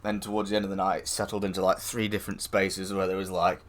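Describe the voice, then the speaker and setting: Lowish-voiced man telling a swearing anecdote. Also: fast, a little hiss or hum. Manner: swearing, laughing, animated anecdote with quoted voices. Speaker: streamer. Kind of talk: casual storytelling.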